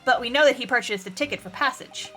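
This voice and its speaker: A woman voicing a dim young male sidekick with a deliberately dumb voice and dry sarcasm, over game music. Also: a little high, pushed and bright. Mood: dopey.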